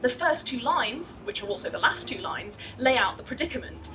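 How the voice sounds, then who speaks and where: Woman lecturer, fairly high pitch, measured and expressive with verse, recorded from a distance in a festival venue. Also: noisy background. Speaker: literary scholar giving a lecture. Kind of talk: formal lecture with poetry readings.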